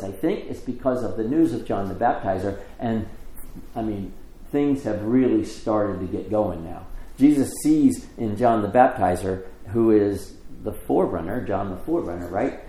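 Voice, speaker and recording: A middle-aged man preaching a sermon, telling the story with lively acted quotes and conversational asides. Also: lowish voice, reverberant, slight background noise, poor audio. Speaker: pastor.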